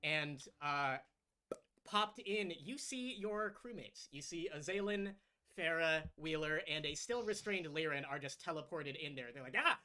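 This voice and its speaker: A man narrating as game master of a tabletop game in a relaxed, chatty way. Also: fairly high pitch, unhurried, clear, resonant tone.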